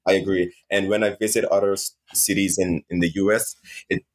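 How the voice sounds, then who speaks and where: A man's voice: sits low, flat delivery, brisk. A man from Saint Martin with a Caribbean accent, chatting easygoing and upbeat as an interview guest. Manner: easygoing, upbeat, chuckles while talking. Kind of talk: casual interview chat.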